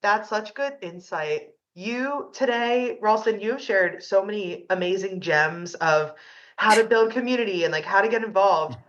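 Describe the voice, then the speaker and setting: A woman hosts a casual podcast interview at a mid-range pitch, eager and affirming. Her voice comes through dull and lo-fi. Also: a little slow, a bit bright. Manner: enthusiastic, affirming listener. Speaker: podcast host. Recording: dull lo-fi sound.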